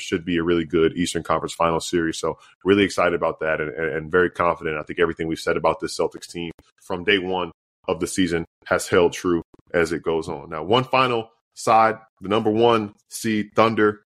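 A man's voice: low voice, no room sound, studio quality. A man co-hosting a sports podcast, chatting casually with lots of fillers and restarts. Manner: rambling, many fillers and restarts.

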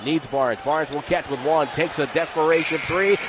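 High-pitched guy calling hoops play by play, shouts on buckets, busy arena sound. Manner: rapid clipped calls, rising to shouts on scores. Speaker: play-by-play announcer. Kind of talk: live basketball play-by-play commentary. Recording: broadcast with arena noise behind. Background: arena crowd and ball bounces.

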